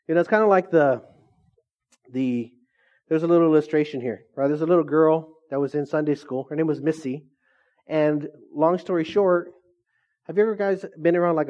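A man preaching a sermon in a conversational, animated way, with call-and-response asides to the congregation. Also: fairly high pitch, muffled recording. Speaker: pastor.

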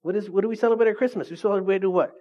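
A man's voice: high voice, very fast, lo-fi sound. A man preaching a sermon in a church, conversational and often asking the congregation questions. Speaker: pastor.

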